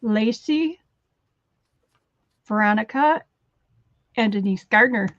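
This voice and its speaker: A woman's voice: on the high side, slow pace, a bit bright, no room sound, muffled recording. A woman helping at a live sale by reading out buyers' orders in a matter-of-fact, playful way.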